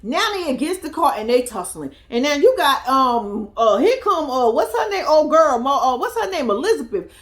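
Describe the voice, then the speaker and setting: Young female vlogger, high and very animated, profane and laughing, casual reaction commentary. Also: normal speed, few pauses.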